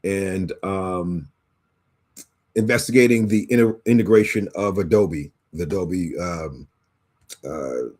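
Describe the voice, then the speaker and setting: A man co-hosting a casual chat about teaching, relaxed and slangy, trailing off with fillers and restarts. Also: low voice, slow. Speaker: podcast co-host, educator.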